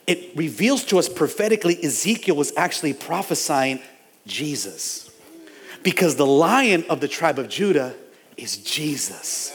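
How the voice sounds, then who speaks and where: A man preaching a fiery sermon as pastor in a church, building up to shouts and repeating his phrases. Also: a little high, in a large hall. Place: church sanctuary.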